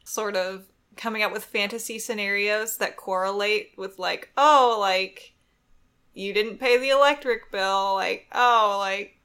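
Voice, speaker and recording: A woman's voice: medium pitch, fairly even intonation, measured pace, bright, forceful tone, smooth. A woman co-hosting a podcast in casual comedic chat, full of playful, teasing banter. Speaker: podcast co-host.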